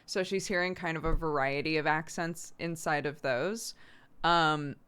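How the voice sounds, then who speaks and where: A woman's voice: low voice, fairly even intonation, measured pace, fairly bright tone, smooth. A woman streaming from home, chatting casually with lots of "like" fillers and frequent laughs. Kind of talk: casual chat.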